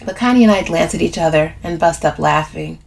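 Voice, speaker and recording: A woman narrates a first-person novel as an audiobook. Her voice is fairly low, and she tells the story expressively. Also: brisk, gravelly.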